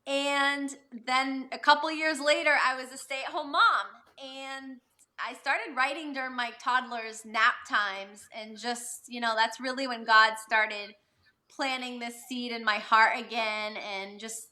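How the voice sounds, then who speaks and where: A woman's voice: on the high side, steady tone, a little slow, bright, forceful tone. A woman in her thirties, a guest author talking over a video call in a casual interview, candid and reflective, with plenty of fillers.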